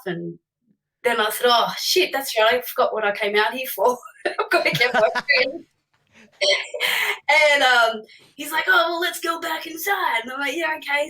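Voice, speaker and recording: A woman, a singer, telling a casual anecdote in an animated way, acting out the voices in her quotes and often laughing. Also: a little high, far from the mic. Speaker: singer telling a gig story.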